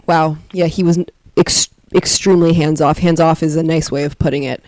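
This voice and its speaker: A woman hosting a podcast interview, earnest in her questions and frank in her disgust. Her voice is notably low, and the recording is dry with no room sound. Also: steady tone, moderate pace, a little mellow, no echo. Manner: earnest, openly appalled reactions. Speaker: podcast co-host.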